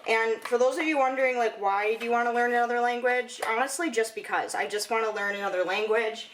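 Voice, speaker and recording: A woman's voice: a little high, steady tone, fast talker, a little hiss or hum, poor audio. A young woman from Michigan with a Michigan American accent, rambling chattily through a casual home vlog with lots of "like" and "you know". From Michigan, USA. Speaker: vlogger.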